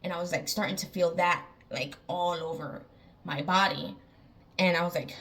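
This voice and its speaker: A woman's voice: on the low side, steady tone, moderate pace, fairly bright tone, far from the mic. Rambling woman telling a scary dream. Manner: rambling, filler-heavy, lots of "like". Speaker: artist telling a dream story. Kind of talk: casual storytelling.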